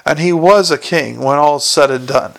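A man voicing a lowly male watch corporal who is nervous and evasive, mumbling excuses and tacking "sir" onto every sentence in a storybook reading. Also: normal speed, vocal fry. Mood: anxious.

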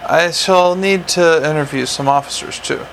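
A man reading the part of a prim, pedantic little male inspector, speaking calmly, precisely and formally. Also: a little high, normal speed, creaky, slight background noise, rough recording. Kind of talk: audiobook character reading.

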